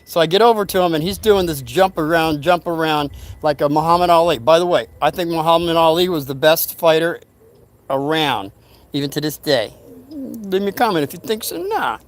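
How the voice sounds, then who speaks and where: An older man's slightly high voice comes across brisk and dry, with no room sound. He casually spins a rambling yarn from his youth, animatedly voicing the quoted lines himself.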